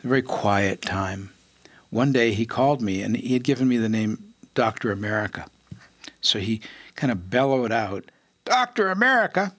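An older man, a physician and interview guest, telling stories in a lively way, acting out voices he quotes and laughing often. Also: lowish voice, moderate pace, dry recording. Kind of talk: storytelling interview.

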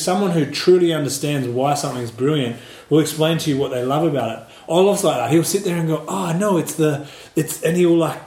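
A man who teaches martial arts and Qigong, speaking in an earnest, measured way during a reflective group discussion. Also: on the high side, a little mellow, reverberant.

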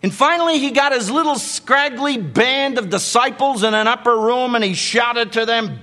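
A man's voice: high voice, lively intonation, normal speed, a bit bright, big-room sound. An older man preaching a sermon, dramatically acting out the quotes in the story.

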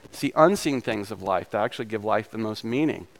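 A male pastor delivers a conversational sermon sprinkled with casual asides, his lowish voice a little hoarse after a recent illness. He speaks fairly quickly with lively intonation.

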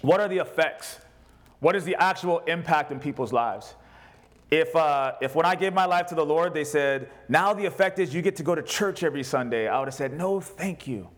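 A man's voice: on the high side, normal speed. A man preaching a sermon to a congregation, reading scripture aloud and mixing in jokes. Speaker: pastor. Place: church service with congregation.

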